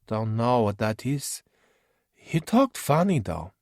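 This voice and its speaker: A man's voice: mid-range voice, big pitch swings, slow pace, darkish tone, no room sound, studio quality, pitched above the performer's own voice, full character voice. A man voicing a simple, childlike cave creature who talks in a naive, earnest way in a storybook.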